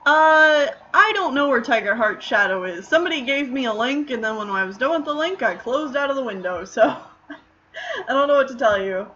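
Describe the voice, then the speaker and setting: A woman's voice: high voice, very animated, normal speed, a bit bright, dull audio, a little hiss or hum. A woman streamer chatting casually while drawing, answering questions in a rambling way with lots of fillers.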